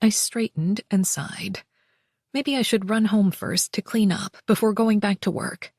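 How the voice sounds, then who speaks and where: A woman narrating a first-person romance audiobook in an expressive, wry way on a close mic. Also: mid-range voice, a little slow, dry recording.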